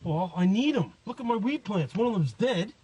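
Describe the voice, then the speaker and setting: A man's voice: high voice, very animated, moderate pace, mellow, breathy edge, exaggerated voice. An actor playing a whiny, childlike man who pleads with a friend. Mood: pleading.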